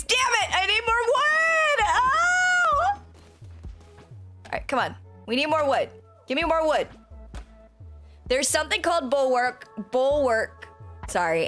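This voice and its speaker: A young woman vtuber chatting casually as she plays a game, swearing and breaking into sudden shouts. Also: fairly high pitch. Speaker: vtuber streamer. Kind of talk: casual gameplay commentary.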